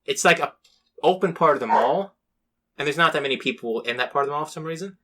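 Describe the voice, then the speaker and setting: A man's voice: a little high, animated, fast, bright, forceful tone, a little hiss or hum. A young man hosting a podcast, telling rambling, laid-back stories in a casual chat. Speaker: podcast host.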